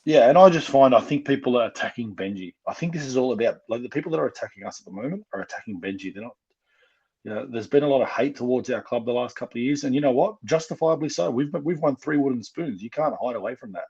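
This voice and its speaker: A man's voice: mid-range voice, animated, fast, dark tone, husky, dull audio. An Australian man with a passionate manner, chatting on a fan podcast and getting fired up. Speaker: podcast co-host, fan guest. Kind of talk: casual fan podcast chat.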